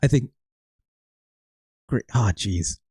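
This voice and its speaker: Rambling let's-play guy, slow and swoopy. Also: mid-range voice, animated, a little mellow, breathy edge, no echo. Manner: rambling, self-deprecating, lots of filler and trailing off. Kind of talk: casual gameplay commentary.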